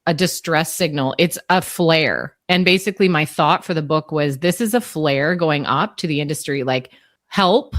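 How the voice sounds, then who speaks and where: Low-voiced woman, candid and animated. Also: normal speed, hardly any pauses, dry recording, clean studio sound. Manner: candid, animated, a little salty. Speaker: guest author. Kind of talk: casual interview.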